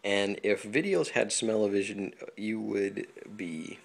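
Gravelly low-voiced man giving a tutorial. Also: slow pace, hardly any pauses. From Hawaii. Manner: relaxed, chatty, many ums and small laughs. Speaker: flutist teaching instrument care. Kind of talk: casual home tutorial. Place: home apartment.

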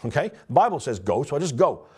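A man's voice: mid-range voice, fast talker, slightly rough. A man, a pastor, preaching a conversational sermon and telling stories directly to his congregation. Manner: storytelling, lively and direct, addresses the congregation.

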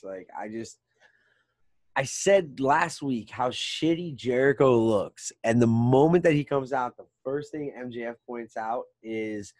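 A man co-hosting a casual podcast, ranting fast and swearing a lot. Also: medium pitch, no echo. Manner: animated, swearing, fast rants. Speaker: podcast co-host. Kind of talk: casual chat.

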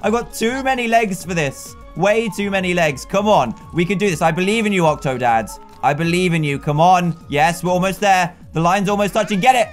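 A man commentating a video game as he plays, excitable and laughing, talking to himself as the game unfolds. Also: sits high, a little fast, few pauses, faint music behind. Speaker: gaming YouTuber. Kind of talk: let's play commentary.

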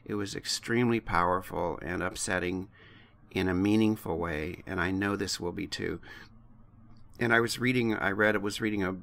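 Gravelly, bright-voiced man co-hosting. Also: deep voice, normal speed. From United States. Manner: impassioned, blunt, swears freely. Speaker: podcast co-host. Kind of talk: casual podcast chat.

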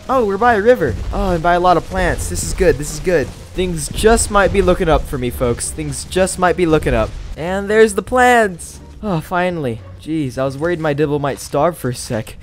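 A man giving excitable let's-play commentary, often breaking into high yelps and laughter. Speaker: gaming video creator. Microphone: new microphone.

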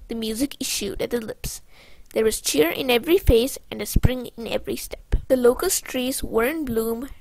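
Woman narrator, gravelly, fairly high voice, expressive storybook reading, dry close recording. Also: low-quality recording. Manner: expressive, drops to hushed near-whisper on sad passages. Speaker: audiobook reader. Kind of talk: storybook read-aloud narration.

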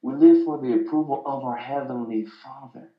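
A man giving an inspirational Christian talk, telling stories with lively, animated voiced quotes. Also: mid-range voice, moderate pace. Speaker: speaker. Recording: roomy muffled sound.

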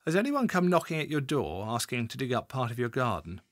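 Guy reading as a polite careful tv reporter in an audiobook, lively tone. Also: mid-range voice, a little fast, no room sound, clean studio sound, lightly acted. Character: polite, cautious male TV reporter.

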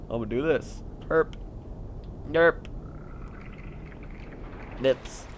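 A man's voice: low-pitched, noisy background. A young man making goofy let's-play commentary, full of silly nonsense words and sudden outbursts. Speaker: gamer.

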